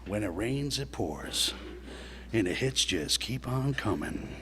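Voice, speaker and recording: A man's voice: fairly low pitch, animated, takes it slowly, pushed and bright. A middle-aged man telling a blunt personal story at a recovery meeting, swearing and talking straight to his listeners.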